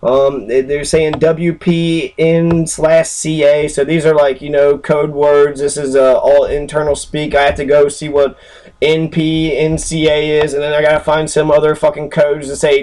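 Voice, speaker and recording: A man's voice: fairly high pitch, level tone, moderate pace, darkish tone. A man ranting angrily and profanely while he walks through a screen recording, rambling and full of fillers, with a sarcastic, mocking edge. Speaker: channel host. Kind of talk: angry screen-recorded rant.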